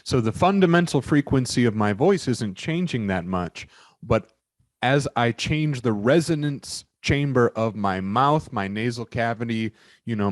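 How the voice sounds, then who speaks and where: A man giving a recorded lecture, explaining in a halting way with many fillers and restarts. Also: medium pitch, no room sound.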